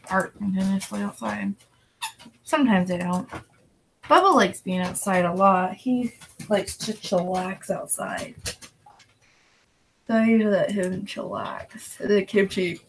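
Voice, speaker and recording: A woman chatting casually at home as she works, talking slowly in a gravelly, fry-heavy voice. She rambles and turns aside to speak to her pets. The home recording has clearly audible noise behind her. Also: mid-range voice, rough recording. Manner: relaxed, rambling, talks to her pets in between. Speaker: reseller vlogger. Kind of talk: casual chat while working. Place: at home with dogs and a cat around.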